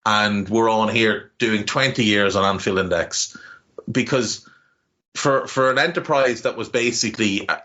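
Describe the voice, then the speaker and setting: A man's voice: fairly low pitch, a little slow, pushed and bright, dull audio. A man with a Navan Irish accent, co-hosting a podcast in casual chat, rambling and heartfelt with many restarts and casual swearing. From Ireland. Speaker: podcast co-host.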